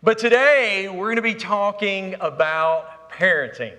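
A man's voice: high-pitched, measured pace, sharp tone. A middle-aged man preaching a sermon, telling funny family stories. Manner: storytelling with humor, Southern "y'all". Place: church sanctuary. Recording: echoey hall.

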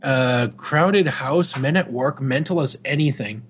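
A man's voice: medium pitch, measured pace, slightly rough, dull audio. A man co-hosting a podcast, chatting casually about an old game magazine, joking and swearing freely. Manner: jokey, swearing, laughing often. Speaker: podcast co-host.

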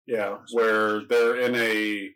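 Chill guy with a lowish voice on a movie podcast, drawls out his words, easygoing. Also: little pitch movement, drawn-out words, fairly bright tone, clean tone. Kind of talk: casual film discussion.

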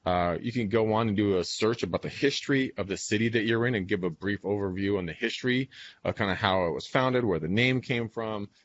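A man's voice: fairly low pitch, fairly quick. A man guesting on a podcast, talking bluntly and rambling, with plenty of swearing, on a dull lo-fi recording. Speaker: guest, marketing expert. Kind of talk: casual podcast chat.

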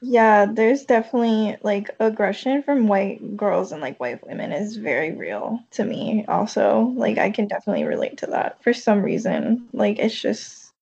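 A woman's voice: medium pitch, sing-song, moderate pace, vocal fry, hardly any pauses, a little mellow, husky. A woman co-hosting a podcast, speaking in a reflective way and using lots of fillers. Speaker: podcast co-host. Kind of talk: casual chat. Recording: dull lo-fi mic.

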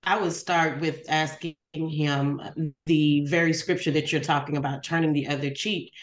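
A woman's voice: sits low, fairly even intonation, normal speed, echoey room. A woman in a class answering by laying out a string of probing questions. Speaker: class participant. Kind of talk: discussion answer.

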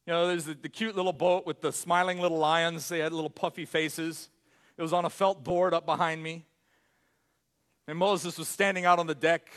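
A man preaching a sermon as pastor, animated, often stumbling over his words and restarting. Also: a little high. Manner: animated, self-correcting preacher with frequent restarts.

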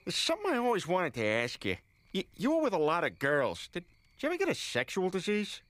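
A loudmouthed, bumbling cartoon father, middle-aged and childlike in his excitement. His voice sits high and leaps all over the place as he stammers out his questions. The sound is close and dry. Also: a little fast, dry recording, exaggerated voice. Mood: eager. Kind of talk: animated sitcom clip.

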